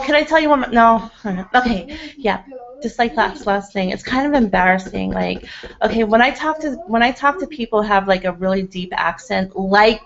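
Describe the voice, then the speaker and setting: A woman's voice: medium pitch, gravelly. A woman hosting a casual livestream hangout, rambling and chatting with her viewers, laughing often and using lots of "like" fillers. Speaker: livestream host. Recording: slightly dull lo-fi webcam audio.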